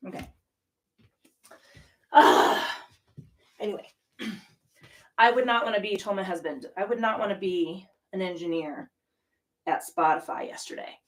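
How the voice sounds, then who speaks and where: A woman's voice: medium pitch, distant mic. A middle-aged woman hosting a yoga channel, chatting casually in a profane, rambling, ranting way. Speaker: yoga studio owner and host. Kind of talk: casual chat.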